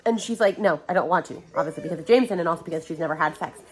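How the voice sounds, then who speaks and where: A young woman vlogging about her reading, exasperated and animated as she mocks lines from a book. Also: on the low side, racing, slightly rough, faint music behind. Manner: exasperated, animated, mocking quotes. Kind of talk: casual reading vlog rant. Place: home hallway.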